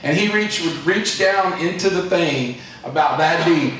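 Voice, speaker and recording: The company president's voice is a little high and bright, animated yet slightly slow, with few pauses, as he delivers a meandering, homespun motivational speech to his staff. The echoey room, distant mic and slight hiss or hum color the sound.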